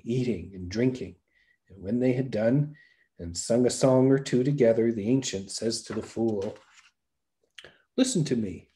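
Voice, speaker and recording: A man narrating a folktale aloud with a lively, varied storytelling delivery. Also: medium pitch. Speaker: podcast storyteller.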